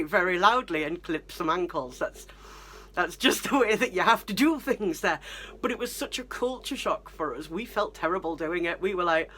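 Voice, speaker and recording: A woman's voice: mid-range voice, animated, quick pace, fairly bright tone. British woman rambling thru a story to camera, self-deprecating, faint hum behind. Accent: British English. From Britain. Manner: chatty, rambling, self-deprecating, laughs between phrases. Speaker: vlogger.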